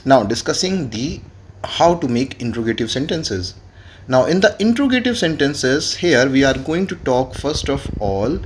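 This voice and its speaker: A man's voice: mid-range voice, noisy background. Man spelling out French grammar. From India. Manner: spells out words letter by letter. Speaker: French teacher. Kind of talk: classroom lesson.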